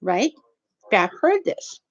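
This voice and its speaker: A woman's voice: mid-range voice, big pitch swings, slow. A woman who retells an everyday run-in in a rambling, repetitive, indignant way. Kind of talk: rambling storytelling to camera. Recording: dull lo-fi recording.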